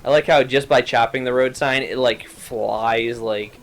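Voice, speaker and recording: A man's voice: mid-range voice, steady tone, a little slow, soft background music, rough recording. A man co-hosting a casual let's-play, joking and trash-talking over a retro arcade game. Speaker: gaming show co-host.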